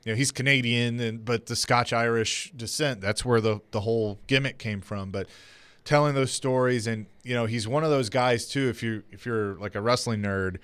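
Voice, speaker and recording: A man's voice: mid-range voice, moderate pace, clean tone, no room sound. A man co-hosting a radio show, telling a wrestling story in casual chat and acting out the quotes. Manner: animated storyteller, acts out quotes. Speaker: radio co-host and producer. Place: radio studio.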